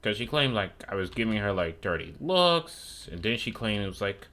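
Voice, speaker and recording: A man's voice: lowish voice, big pitch swings, normal speed, sharp tone, a little hiss or hum. A young man streaming a video game, chatting in a rambling, profane, sarcastic way. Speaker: gaming streamer. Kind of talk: casual chat while gaming.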